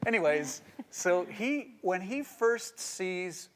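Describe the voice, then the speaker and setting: Middle-aged pastor guy teaching about marriage, kinda high voice, playful, reverb-y hall sound. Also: slow pace, noisy background. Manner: animated, playful, laughs while teaching. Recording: long reverb.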